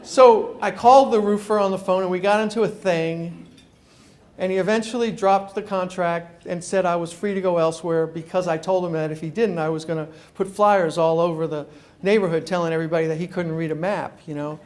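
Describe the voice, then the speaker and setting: A man's voice: sits high, fairly even intonation, fairly quick, darkish tone. A man giving a talk to a live audience, telling a personal story with lots of energy, acting out the people in it and stumbling over repeated words as he starts sentences. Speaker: consumer columnist giving a talk. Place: meeting room before a live audience.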